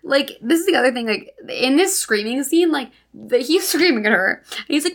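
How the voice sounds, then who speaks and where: A woman's voice: high voice, lively intonation, normal speed, vocal fry. A young adult woman co-hosting a podcast, chatting casually and critiquing a movie with exasperation, full of "like". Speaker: podcast co-host. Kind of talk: casual movie review chat.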